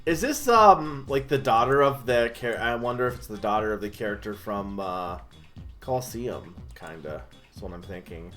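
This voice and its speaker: A gaming streamer casually chats through a let's-play, rambling with lots of "um" and "like" and laughing at himself in self-deprecating asides. His voice is lowish, a bit bright, with lively intonation at normal speed, and faint music plays behind him.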